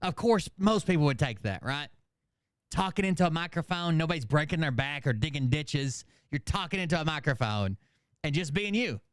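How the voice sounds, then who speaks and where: A man talks through online drama in a loose, rambling, sarcastic way, swearing freely. His voice sits a bit high for a man and comes through smooth and resonant. The mic is close and dry. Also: expressive, moderate pace, no echo. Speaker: commentary channel host. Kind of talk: casual reaction commentary.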